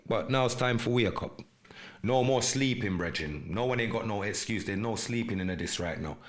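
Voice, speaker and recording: A man hosting a live stream podcast, delivering an urgent, preachy monologue in street slang and shouting out viewers in the chat. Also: lowish voice, moderate pace. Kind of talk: impassioned livestream monologue with chat shout-outs.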